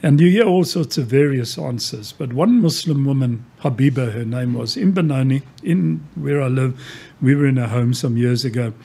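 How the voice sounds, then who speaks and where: A man's voice: mid-range voice, animated, moderate pace, vocal fry, warm tone, husky. A man preaching a sermon who tells stories and asks rhetorical questions. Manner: storytelling, rhetorical questions, many quoted exchanges.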